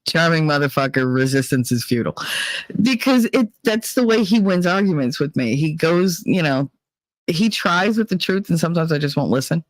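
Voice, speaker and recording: Male streamer, higher-pitched voice, dry and close recording, candid and foul-mouthed chat delivery. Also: lively intonation, normal speed, no room sound. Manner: blunt, profane, emotionally candid. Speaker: livestream host reading chat. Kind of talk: casual livestream chat.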